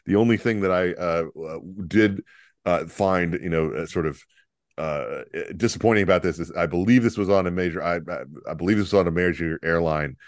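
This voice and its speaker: A deep-voiced man talks through the news in a loose, joking podcast chat. He rambles, restarts and fills gaps with "uh" while chuckling. The sound is dry and close. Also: fairly quick, no room sound. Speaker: podcast co-host. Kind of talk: casual political comedy chat.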